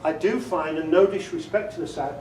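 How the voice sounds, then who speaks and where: A man's voice: a little high, fairly quick, darkish tone, slight background noise. A man giving a casual workshop talk on audiobook narration, chatty and self-amused, laughing often and demonstrating inflections. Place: meeting room before a group. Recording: echoey room, recorded from far off.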